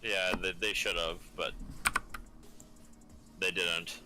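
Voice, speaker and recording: A man chatting casually, talking in a deliberate way and repeating and restarting his phrases. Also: deep voice, steady tone, background noise. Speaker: friend chatting on stream. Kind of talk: casual chat.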